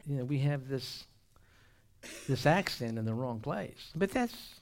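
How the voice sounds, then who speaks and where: A man preaching a sermon at an even, middle pitch. He punctuates his points with humorous asides and calls for the congregation to answer. His delivery swings from loud exclamations to hushed whispers. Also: a little slow.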